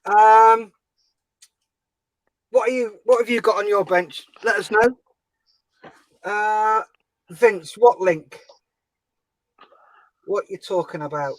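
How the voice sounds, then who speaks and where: High-pitched guy hosting a build stream on a call, jokey and teasing, dry sound. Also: takes it slowly, long pauses, dry recording, rough recording. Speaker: host of a model-building livestream. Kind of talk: casual banter on a group call.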